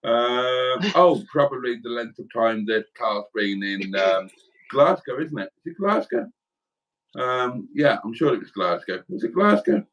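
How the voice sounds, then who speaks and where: Man co-host, middle pitch, very expressive, wry and jokey. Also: a little slow, muffled recording. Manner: jovial, wry, chatty. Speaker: livestream co-host. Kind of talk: casual chat reading viewer comments. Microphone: home livestream setup.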